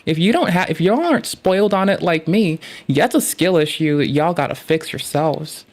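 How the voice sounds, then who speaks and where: A woman's voice: low voice, expressive, moderate pace, noisy background. Woman streamer, casual reaction commentary, sarcastic and sweary, rambling delivery.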